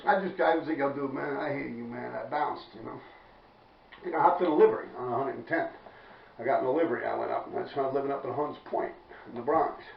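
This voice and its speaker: At a quick clip, with a creaky mid-pitched voice, a man with a New York accent shares a graffiti story with viewers, cursing freely in street talk and chuckling along. The sound is far-off, echoey and dull, carrying faint noise.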